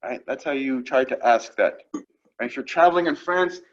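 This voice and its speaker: A man's voice: mid-range voice, normal speed, muffled recording. A man teaching French vocabulary to a class, explaining each phrase patiently and checking in after each one. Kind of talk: classroom lesson.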